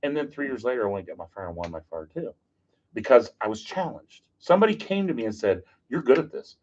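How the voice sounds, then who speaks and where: A man, a podcast guest, telling stories in a casual, animated, joking way and acting out what people said. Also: mid-range voice, fast talker. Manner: animated, jokey, acts out quotes. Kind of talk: casual storytelling. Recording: dull lo-fi podcast audio.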